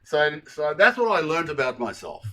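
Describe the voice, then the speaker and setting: A man's voice: on the high side, normal speed. A man in his sixties, a podcast guest telling his story frankly and with animation, swearing freely and poking fun at himself. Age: 60s. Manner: frank, animated, swears freely, frequent self-deprecating asides. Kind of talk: candid conversational storytelling.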